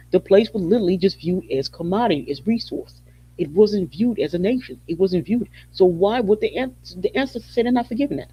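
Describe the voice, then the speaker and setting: Impassioned husky man on lo-fi audio. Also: a little high. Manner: emphatic, repetitive, preaching tone. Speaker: podcast host. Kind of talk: impassioned spoken commentary. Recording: dull lo-fi audio.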